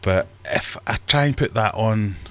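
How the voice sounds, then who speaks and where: A man's voice: fairly low pitch, a little slow, a bit bright. A man hosting a casual livestream from his home fish room, chatting in a rambling, self-deprecating way. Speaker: livestream host.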